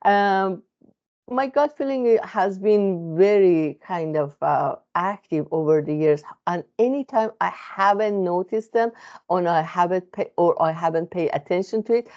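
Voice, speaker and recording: A woman's voice: on the low side, a little mellow, muffled recording. Earnest woman with a non-native English accent. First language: not English. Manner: earnest, halting, many fillers and restarts. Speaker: therapist. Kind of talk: reflective self-help monologue.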